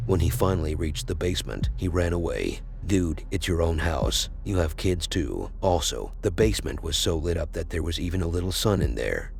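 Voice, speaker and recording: Male narrator, very low creaky voice, deadpan comic voice-over. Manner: deadpan, sarcastic asides.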